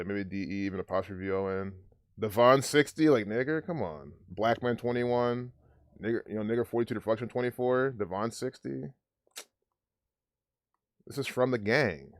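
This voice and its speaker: A man giving casual, rambling, profane commentary over a video clip, pausing to decode numbers. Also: medium pitch, dry recording, clean studio sound.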